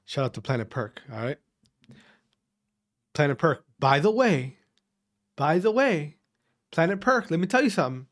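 A man's voice: a little high, sing-song, moderate pace, pauses often. A man ranting casually to his audience, profane and repetitive, often restarting and repeating his phrases, from Wisconsin. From Wisconsin, USA. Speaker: vlogger. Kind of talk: casual rant to camera.

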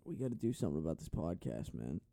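A man's voice: low voice, big pitch swings, quick pace, gravelly, mellow, no room sound. A man co-hosting a podcast, bantering casually and making mock accusations with some swearing. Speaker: podcast co-host.

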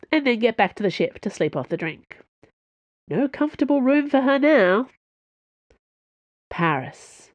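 A woman's voice: on the low side, a little mellow, dry recording. A woman reading a novel aloud as an audiobook narrator, telling it steadily. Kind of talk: scripted narration.

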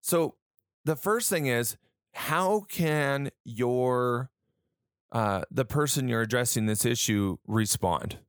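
A man's voice: mid-range voice, slow pace, smooth, no room sound, studio quality. An adult man in a casual talk, telling stories with reported dialogue and asking the listener earnest rhetorical questions. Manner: conversational storytelling with reported dialogue. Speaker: speaker on handling conflict.

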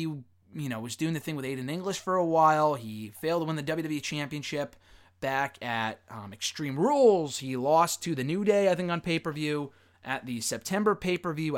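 A man with a fairly high voice delivers a solo review, his pitch swinging widely as he argues his points. He is opinionated and animated, and he stops to correct himself as he goes. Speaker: wrestling podcast host.

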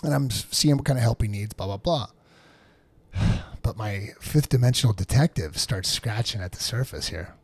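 A man with a husky voice telling a rambling story in casual chat, full of restarts and asides. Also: on the low side, lively intonation, normal speed, no room sound.

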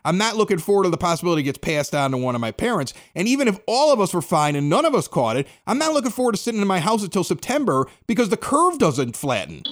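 A man's voice: high voice, big pitch swings, fast, few pauses. A middle-aged man with a Chicago accent, hosting a podcast and telling a story in casual chat, acting out the dialogue. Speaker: podcast host.

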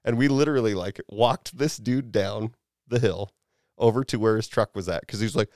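This male podcast host has a lowish voice and a moderate pace, captured in a clean studio with no room sound. Chatting casually, he relates a story full of swearing and lively, acted-out quotes.

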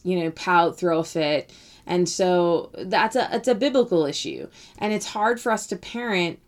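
A woman in her thirties hosting a podcast, talking casually about a parenting book with many fillers and restarts. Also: lowish voice. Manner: conversational, many fillers and restarts, quotes the author. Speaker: podcast host.

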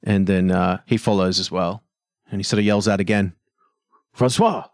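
A man narrating as game master of a tabletop game, relaxed and halting with fillers. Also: low-pitched, no echo, studio quality.

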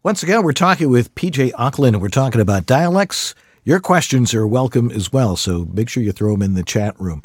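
A man's voice: medium pitch, fairly quick, few pauses, breathy edge, dry recording, clean studio sound. A man hosting a casual interview, rambling and playful as he asks questions. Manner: rambling, animated, playful asides. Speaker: podcast host.

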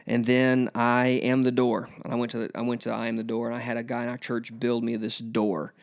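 A man who preaches at a school chapel, telling an interviewer about his sermon series in an earnest way that turns emotional and animated. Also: medium pitch, a little fast. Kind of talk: casual interview storytelling.

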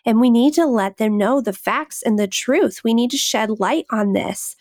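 A woman hosts a faith-based fertility podcast, speaking with passion and fervor and laughing often. Her fairly high, slightly mellow voice moves at a moderate pace, recorded at studio quality with no room sound.

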